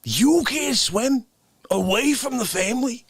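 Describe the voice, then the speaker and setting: Ranting man, shouting then whispering. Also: sits high, very animated, measured pace, creaky, slightly rough, dry recording. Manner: swings between shouting and hushed whispers. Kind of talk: comedic rant.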